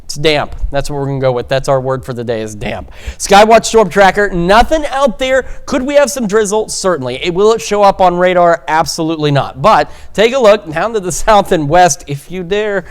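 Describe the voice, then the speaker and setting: A male weather presenter on a morning newscast, chipper and self-mocking. His voice sits a little high for a man. He mixes loose chat with the forecast. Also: expressive, a little fast, hardly any pauses, clean tone. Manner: chipper, jokey and rambling, laughs at himself. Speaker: meteorologist.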